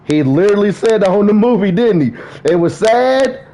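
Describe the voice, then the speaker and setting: A man chatting casually on a gaming livestream, excitable and profane, laughing often as he talks. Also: high voice, normal speed. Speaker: gaming streamer.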